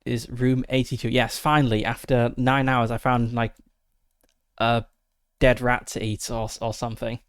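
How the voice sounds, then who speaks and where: A man's voice: mid-range voice, flat delivery, normal speed, clean tone, dry recording. A man casually narrating his solo tabletop game, methodically thinking aloud through dice rolls and rules with frequent fillers, into a close desk mic.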